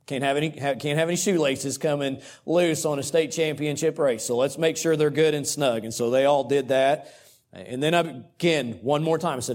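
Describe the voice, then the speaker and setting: A middle-aged man, a pastor and coach preaching a sermon through a personal story in a conversational, animated way. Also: a little high, normal speed. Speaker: pastor and cross-country coach.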